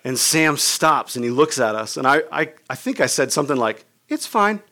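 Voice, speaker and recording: This pastor has a mid-range voice with a sharp tone and a brisk pace. Preaching a sermon, he tells a personal story in a chatty way, voicing the characters and adding "like" and "right?" throughout.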